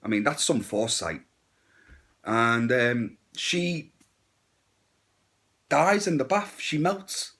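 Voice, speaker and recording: Man, casual horror movie review, blunt and crude, sarcastic, lively up-and-down pitch. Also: takes it slowly, pauses often.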